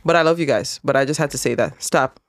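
A woman's voice: low-pitched, quick pace, no echo, studio quality. A woman co-hosting a podcast, chatting casually and ranting emphatically. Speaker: podcast co-host. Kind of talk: casual chat.

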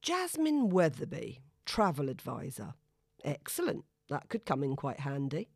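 A woman's voice: sits low, huge pitch swings, a little slow, gravelly, breathy edge, dry recording, studio quality, exaggerated voice. A woman voicing a cocky, smug young male lawyer in a storybook reading. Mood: pleased. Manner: smug, self-assured.

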